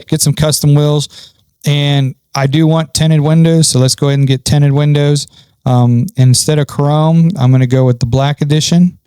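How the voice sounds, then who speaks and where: A man's voice: mid-range voice, dark tone, clean tone, dry recording. A man talking casually through a farming game setup, thinking aloud with frequent ums. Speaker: gaming channel host. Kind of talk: casual gameplay commentary.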